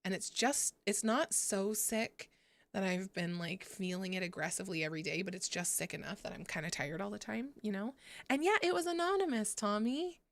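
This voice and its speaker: A young woman with a mid-range voice speaks fairly quickly as she hosts a gaming livestream, casually chatting with viewers, giggling, and swearing freely.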